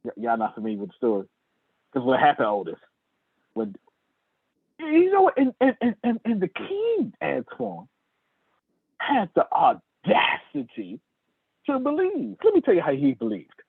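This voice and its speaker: Preacher-style sales trainer, man, husky voice, wildly swinging pitch, phone-quality audio. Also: unhurried, long pauses, no room sound. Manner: animated, preacher-like, calls on listeners by name. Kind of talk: sermon-style sales lecture. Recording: tinny dry phone-like line.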